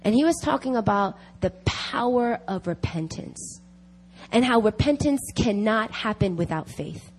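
Woman, preacher, sermon, emphatic, repeats key phrases, slightly high voice. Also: lively intonation, a little slow. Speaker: speaker at a prayer meeting. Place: church meeting.

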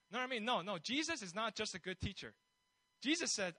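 A man's voice: high-pitched, very animated, quick pace, pushed and bright, no echo, rough recording. A man preaching a sermon in a conversational way, building his points with rhetorical questions and bold emphasis.

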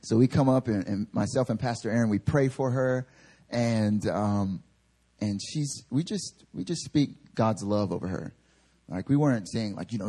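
Male pastor, husky tone, chatty sermon storytelling, lots of acted-out quotes. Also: fairly low pitch, moderate pace. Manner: animated storyteller acting out quotes; casual filler-heavy delivery. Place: church service.

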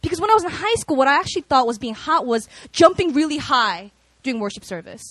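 A woman preaching a sermon, telling personal stories in an animated, conversational way with lots of fillers. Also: high-pitched, fast talker, no echo.

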